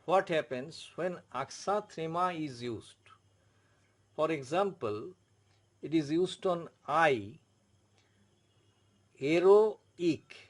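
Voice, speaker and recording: A man with an Indian English accent teaching a French lesson, explaining slowly and repeating words and spelled-out letters. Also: fairly high pitch, expressive, a bit bright. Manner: slow, repetitive, spells out letters. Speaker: French tutor. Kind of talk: classroom explanation.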